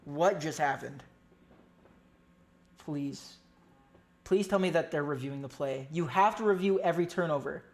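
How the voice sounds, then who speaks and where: A fan streaming their own play-by-play of a game, excitable and pleading, jumping between loud outbursts and quiet muttered commentary, with frequent swearing. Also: mid-range voice, normal speed, long pauses. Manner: swears often. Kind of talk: amateur live stream commentary.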